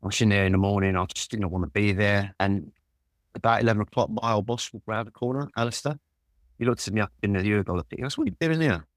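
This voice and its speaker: A London man in his sixties telling lively stories as a guest in an interview, swearing freely. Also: fairly low pitch, fast talker, no room sound, clean studio sound. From Walthamstow, London.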